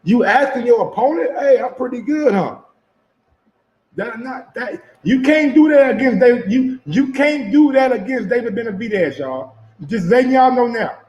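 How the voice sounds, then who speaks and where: A man's voice: very high-pitched, lively intonation, moderate pace, hardly any pauses, a little mellow, dull audio. A man commenting casually on boxing footage, loose and profane, repeating himself and putting questions to his viewers. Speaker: sports commentator reacting to footage. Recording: echoey room.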